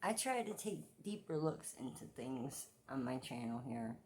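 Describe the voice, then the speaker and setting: A woman in her forties ranting in a casual commentary vlog, profane and repetitive, with loud outbursts. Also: a bass voice, very animated, moderate pace. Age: 40s. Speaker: commentary vlogger.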